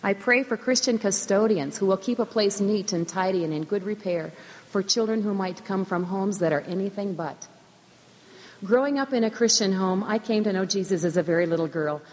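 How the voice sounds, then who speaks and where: A middle-aged woman who teaches school, giving a measured, earnest personal faith testimony in a church. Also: mid-range voice, darkish tone. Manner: earnest, measured, emphatic repetitions. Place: church sanctuary. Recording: long church hall reverb.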